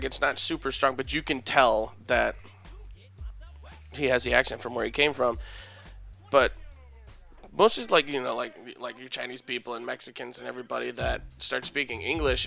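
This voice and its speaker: A man's voice: medium pitch, vocal fry, bright, forceful tone. A young man chatting loosely on a podcast, swearing often and rambling through his points. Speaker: podcast host. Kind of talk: casual podcast banter.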